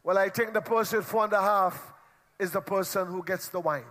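A man's voice: high voice, steady tone, moderate pace, bright, forceful tone. A man leading a church meeting, playfully teasing and bantering with the congregation. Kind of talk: lively crowd interaction from the pulpit. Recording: long hall reverb.

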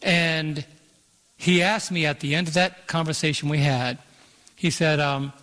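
A pastor in full sermon, a man whose voice sits a little on the high side. He preaches emphatically, stretching out scripture verses and asking the room for "Amen". The sound rings with the long reverb of a church auditorium. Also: fairly even intonation, unhurried, a bit bright.

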